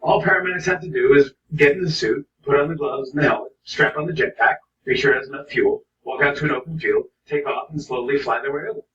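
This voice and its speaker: A man's voice: mid-range voice, fairly bright tone. A man hosting a late-night show, delivering a joking comedy monologue in a TV studio. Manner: joking, quick asides. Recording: dull, distant, roomy audio.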